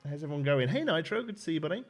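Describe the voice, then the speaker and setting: A man's voice: a little high, very animated, rapid-fire, faint music behind, voice pushed up. A man putting on a cheery, stereotyped man, talking in an exaggerated chirpy sing-song. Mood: jolly.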